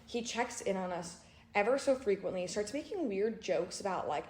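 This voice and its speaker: A young woman co-hosting a podcast, telling an animated story full of fillers and bursts of laughter. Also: mid-range voice, normal speed. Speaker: podcast co-host. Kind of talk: casual storytelling chat. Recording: roomy echo.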